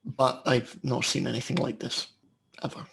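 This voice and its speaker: A man's voice: mid-range voice, level tone, normal speed, gravelly, fairly bright tone, a little hiss or hum. A man, a player in a tabletop role-play game, who speaks in a hesitant, thoughtful way.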